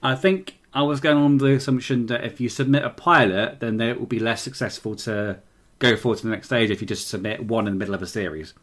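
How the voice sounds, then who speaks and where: A man's voice: medium pitch, fast talker, fairly bright tone. Male podcast co-host, tipsy and giggly, casual chat.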